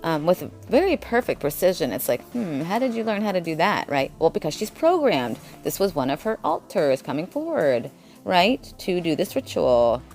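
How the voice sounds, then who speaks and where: A woman's voice: on the low side, very animated, moderate pace, a little mellow, soft background music. A woman vlogger talking in a blunt, rambling monologue, jumping from topic to topic. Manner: blunt, jumps between topics.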